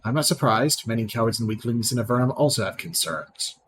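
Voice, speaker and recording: A man reading out the lines of a proud, scornful female sorceress in a video game, plainly and with small slips, over clear background noise. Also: mid-range voice, expressive, fairly quick, fairly bright tone, close to an everyday voice, poor audio.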